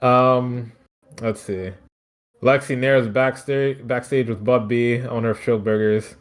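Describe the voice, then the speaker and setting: A man's voice: mid-range voice, steady tone, slow pace. Man from Philadelphia, loose profane recap. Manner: loose, profane, rambling storyteller. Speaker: podcast host. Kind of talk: casual wrestling recap chat.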